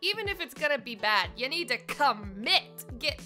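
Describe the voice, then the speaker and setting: A woman's voice: high-pitched, normal speed, over music. A young woman who is an impressionist, giving playful, bubbly feedback on viewers' voice impressions. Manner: bubbly, animated, playful critique. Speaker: impressionist reviewing viewer submissions. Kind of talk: casual chat.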